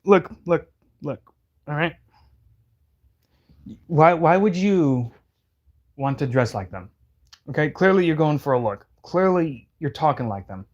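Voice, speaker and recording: A man's voice: on the high side, lively intonation, unhurried, long pauses. Rambling, heated man on dull lo-fi audio. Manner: rambling, heated, many restarts and fillers. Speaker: commentator. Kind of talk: casual reaction commentary.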